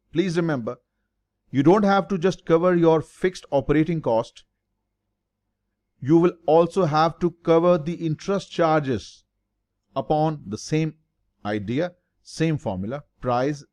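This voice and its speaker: A man's voice: on the high side, unhurried, pauses often, a little mellow. Emphatic man teaching a finance lesson. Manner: emphatic, repeats key terms, asks and answers own questions. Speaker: finance tutor. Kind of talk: lecture explaining break-even analysis.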